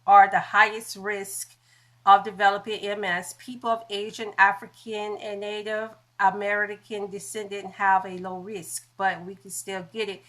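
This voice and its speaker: A woman's voice: mid-range voice, a bit bright. A woman talking on a casual phone livestream, in a mid-range voice. She chats along loosely and trips over long medical terms now and then. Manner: chatty, stumbles over medical words. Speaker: livestream host.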